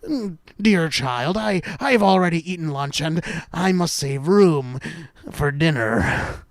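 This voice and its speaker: A man voicing a wolf man who poses as a frail old grandmother, speaking softly, slowly and with false sweetness in a spooky storybook tale. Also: a little high, animated, no echo, studio quality. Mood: falsely sweet.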